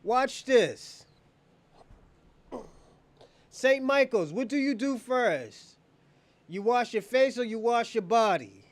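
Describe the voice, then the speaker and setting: A man's voice: very high-pitched, expressive, slow, pauses often, dry recording. A man hosting a livestream, giving heated commentary and taunting viewers in a mocking way that often breaks into laughter. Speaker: livestream host.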